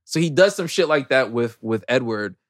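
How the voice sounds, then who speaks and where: A man hosting a podcast, recapping a movie in a casual, animated, slangy way. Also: medium pitch, moderate pace. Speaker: podcast host.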